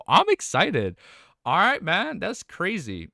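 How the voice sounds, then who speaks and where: A man's voice: high-pitched, huge pitch swings, unhurried, gravelly, bright, forceful tone, no room sound, clean studio sound. A young adult man live-streaming, chatting casually, rambling and swearing as he reads chat aloud.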